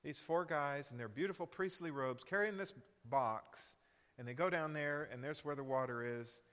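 A man teaching a Bible lesson as a sermon, animated and often putting questions to his listeners. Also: a little high, moderate pace, in a large hall. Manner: animated, asks the audience questions.

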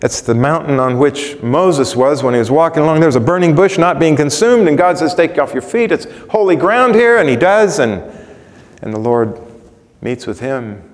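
A man preaching a sermon, reading scripture aloud dramatically, his voice swelling loud and then dropping to a hush. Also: a little high, animated, moderate pace. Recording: long hall reverb.

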